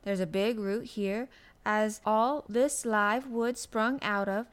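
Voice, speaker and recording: A woman's voice: mid-range voice, fairly even intonation, takes it slowly, clean tone, lightly acted. A woman doing an eager country boy. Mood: earnest. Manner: eager, earnest, hushed. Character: cheerful country boy who knows plants.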